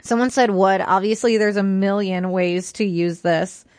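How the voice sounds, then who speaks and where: A woman co-hosting a radio show, reading out listener messages in an amused, teasing way. Her voice sits at an ordinary pitch, and the studio sound is close and dry. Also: fairly even intonation, normal speed, a little mellow, no room sound. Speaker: radio co-host. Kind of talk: casual chat.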